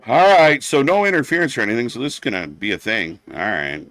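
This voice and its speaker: A man's voice: medium pitch, huge pitch swings, quick pace, a bit bright. A man hosting a live wrestling watch-along stream, ranting bluntly and sarcastically, swearing often and getting heated.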